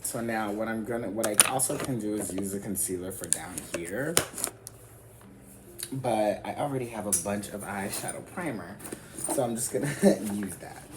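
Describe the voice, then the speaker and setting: A man's voice: lowish voice, moderate pace, heavy background noise. A man chatting candidly through a makeup tutorial, rambling and swearing freely. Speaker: makeup vlogger. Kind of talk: casual chat during a makeup tutorial. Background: music.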